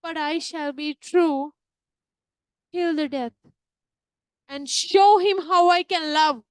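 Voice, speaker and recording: Woman doing a high-voiced grieving young widow, theatrical, declaiming, dry sound. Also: fairly even intonation, slow pace, no echo. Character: grieving young widow, melodramatic, vowing lifelong mourning.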